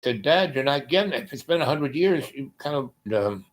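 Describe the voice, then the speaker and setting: Male host, relaxed storyteller; hesitant, restarting delivery, quieter when quoting. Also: mid-range voice, a little fast. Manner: rambling, hesitant, with many ums and restarts. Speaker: podcast host. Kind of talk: casual personal storytelling.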